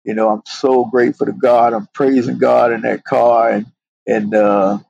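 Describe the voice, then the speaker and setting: A man's voice: medium pitch, flat delivery, normal speed, vocal fry, darkish tone, no room sound, highs cut off. A middle-aged man, a police sergeant, earnestly telling a personal story as a podcast guest, often saying "you know". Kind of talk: heartfelt storytelling interview.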